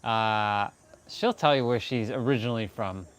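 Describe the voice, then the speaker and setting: A man's voice: fairly low pitch, normal speed. Rambling live stream host, a man. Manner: rambling, self-correcting, laughs a lot. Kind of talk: casual live stream chat.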